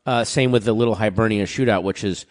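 A man in a casual chat, rambling through stories with quick asides, his throat dry so he keeps clearing it. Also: fairly low pitch. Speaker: podcast guest.

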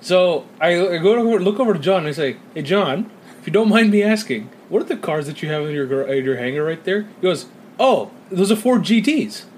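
Young american guy on a podcast, high voice jumping all over, curses a lot, acts out quotes, little bit of noise behind. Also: brisk. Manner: animated storyteller, swears a lot, acts out quotes. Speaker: podcast co-host. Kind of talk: casual podcast chat.

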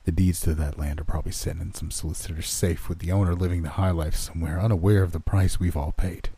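In a horror story reading, a man plays a broken old farmer who is haunted by loss and guards a secret. He speaks low and dark, with a husky edge, and his hushed voice quivers with held-back grief. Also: fairly even intonation, fast talker. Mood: sorrowful.

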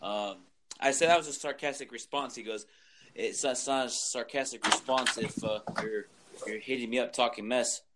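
A man's voice: mid-range voice, normal speed, heavy background noise. A man hosting a podcast in casual sports chat, telling stories animatedly and acting out the other side of quoted exchanges. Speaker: podcast host.

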